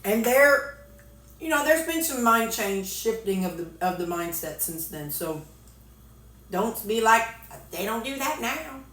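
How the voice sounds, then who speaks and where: A woman's voice: medium pitch, lively intonation, measured pace, fairly bright tone, roomy sound. A woman with a Missouri accent, chatting and joking casually while eating, talking with her mouth full. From Missouri, USA. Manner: folksy, joking, talks with a mouthful. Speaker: weight-loss vlogger.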